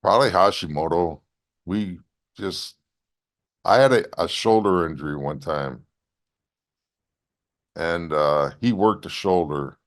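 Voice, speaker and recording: A man, a former wrestler as interview guest, telling animated stories with blunt profanity. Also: deep voice. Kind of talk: casual storytelling interview.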